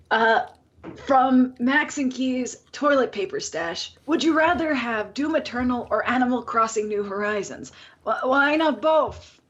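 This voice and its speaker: A woman with a slightly high voice chats casually as a podcast co-host. She is blunt, swears freely and jokes about herself. Her mic sounds dull and lo-fi. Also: unhurried. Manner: blunt, swears freely, wry self-deprecating humor. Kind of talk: casual chat.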